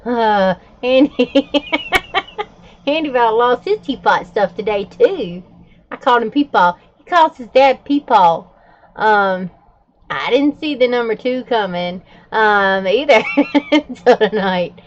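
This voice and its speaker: Slow-talking chatty woman, dull stream audio. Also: a little high, animated. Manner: unhurried, chatty, laughs between stories. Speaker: journaling vlogger, livestream host. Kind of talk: casual gossipy chat while journaling. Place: at home with her dogs nearby.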